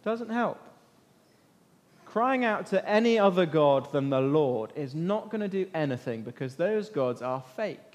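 A man teaching an interactive Bible lesson as an animated storyteller, asking his listeners questions. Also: a little high, measured pace. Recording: long echo of a large hall.

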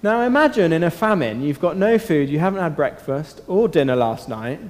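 A man leading an interactive Bible talk for children, asking them questions and using dramatic pauses. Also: fairly high pitch, lively intonation. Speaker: children's talk leader at church. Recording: long hall reverb.

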